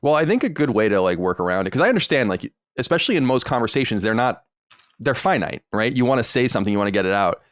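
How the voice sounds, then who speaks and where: Man, podcast host, fast talker, blunt and profane, dry close mic. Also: medium pitch, very animated, dry recording. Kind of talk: casual podcast chat.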